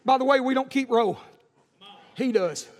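A pastor with a strikingly high voice preaches in a church, swinging from shouted calls to heaven down to chatty, folksy stories. His words ring out with a long echo through the sanctuary. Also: normal speed. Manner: rising to shouted preaching, then dropping to folksy storytelling. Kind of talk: fiery sermon. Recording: echoey church hall.

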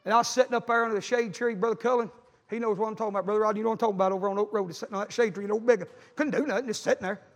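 A middle-aged man, preaching a sermon as a pastor, telling folksy stories with animated emphasis. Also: sits high, rapid-fire. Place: church sanctuary. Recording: long church reverb.

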